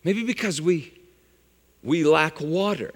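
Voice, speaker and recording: A man preaching a sermon, swinging from loud exclamations to hushed, low phrases. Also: expressive, takes it slowly, breathy edge. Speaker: pastor. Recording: long hall reverb.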